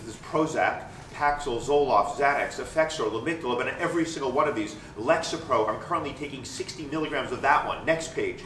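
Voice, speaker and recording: Animated man telling a stage story. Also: medium pitch, a little hiss or hum. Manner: animated, self-mocking, repeats phrases. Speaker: solo stage performer. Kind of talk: stand-up storytelling monologue. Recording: roomy stage sound, mic at a distance.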